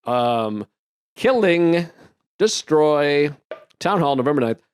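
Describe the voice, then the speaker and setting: A man trading quick, crude stories on a comedy podcast. His voice sits a touch high, and the studio sound is dry and close. He slips into mocking voices to act out the people he talks about. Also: animated, smooth, no room sound. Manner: fast, crude storytelling with mocking impressions. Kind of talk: casual banter.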